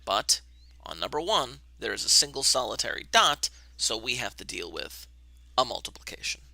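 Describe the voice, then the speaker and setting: A male math teacher explains algebra to his online class in a loose, chatty way, muttering to himself as he sets things up. His voice is gravelly and very bright, and his pitch moves around a lot, recorded on a webcam. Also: sing-song, normal speed, no echo. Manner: casual, talks to himself while setting up camera.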